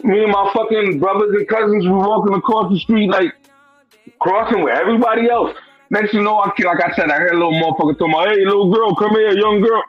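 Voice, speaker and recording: High-pitched and fast-talking, a guest from Brooklyn spins a personal tale in loose, foul-mouthed street slang, constantly saying "bro" and "you know what I'm saying." The audio is dry and dull, with faint music in the background.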